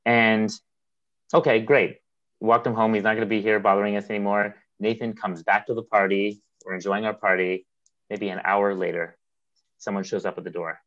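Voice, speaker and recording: A man's voice: fairly low pitch, little pitch movement, moderate pace, fairly bright tone, highs cut off. A man co-hosting a podcast, telling a long anecdote in casual chat, acting out dialogue and laughing often. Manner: rambling anecdote with quoted dialogue and frequent laughs. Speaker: podcast co-host.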